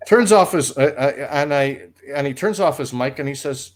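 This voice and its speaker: A man with a fairly high pitch talks at a moderate pace, barely pausing, as he tells a long, rambling story on a livestream. Formerly a radio producer, he is animated and laughs along at his own story.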